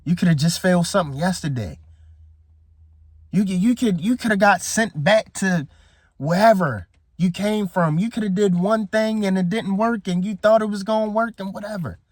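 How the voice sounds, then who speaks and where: A man's voice: high voice, moderate pace, a little mellow, no room sound. A man giving a casual motivational talk as a coach, emphatic and preachy, who repeats his phrases for effect. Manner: casual, slangy speech. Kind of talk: motivational speech to camera.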